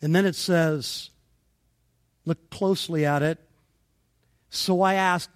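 A man preaching an expository sermon, deliberate and emphatic, pausing between phrases. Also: fairly high pitch. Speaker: pastor.

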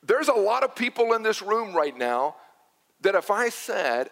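A man with a high-pitched voice delivers a sermon in a church sanctuary. He moves between storytelling and emphatic repetition of his key points. His words carry a long reverb from the large hall. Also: sing-song, measured pace, a bit bright. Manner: storytelling, emphatic with repeated phrases. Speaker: pastor.

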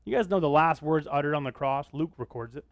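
A male pastor preaches a Bible sermon in a conversational way, often stopping to ask his listeners questions. His voice sits a little high for a man, and the sound is dry and close. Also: fast talker, dry recording. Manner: conversational, asking the congregation questions.

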